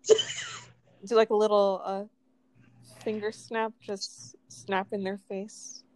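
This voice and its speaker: A woman co-hosting a casual podcast, pausing often with uh and um. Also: medium pitch, level tone, a little mellow, poor audio. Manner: hesitant, trailing with uh and um. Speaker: podcast co-host. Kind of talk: casual chat.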